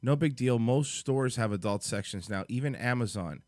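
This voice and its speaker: A man's voice: medium pitch, normal speed, a little mellow, no room sound, studio quality. A man hosting a livestream, reacting to clips in rambling, chatty commentary. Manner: rambling, chatty, thinks aloud. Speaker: host.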